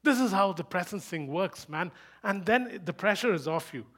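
A man delivering a sermon at a quick clip, his voice sitting a little high. He drives his points home with rhetorical questions and repeats key words with rising force. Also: slightly rough. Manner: emphatic, rhetorical questions, rises to loud bursts; speaks fast. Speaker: preacher.

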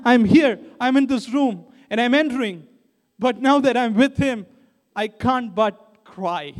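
Male preacher playing a tearful, devoted woman: high, fervent, repetitive, hall reverb. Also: a little mellow. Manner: fervent first-person retelling, repeating phrases. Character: weeping repentant woman, overwhelmed with devotion.

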